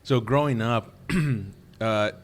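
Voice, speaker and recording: A man hosting a podcast interview, asking questions in a halting way with many fillers. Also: medium pitch. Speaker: podcast host. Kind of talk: casual interview.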